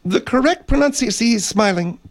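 A man's voice: very high-pitched, animated, brisk, voice pushed up. A man voicing a cranky, foul-mouthed old woman who sounds prim but swears. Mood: testy. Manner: prim but profane, testy.

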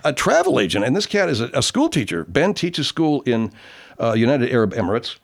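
A man's voice: mid-range voice, huge pitch swings, brisk, gravelly. A man hosting a radio show in casual banter, rambling, easygoing and freely profane. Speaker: radio host.

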